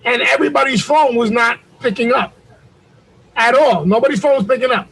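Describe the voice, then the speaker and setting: A man with a strikingly high voice recounts events over a video call. He talks in an animated, street-slang style, swearing freely as the story runs on. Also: brisk, vocal fry, breathy edge, poor audio. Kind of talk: casual storytelling on a group call.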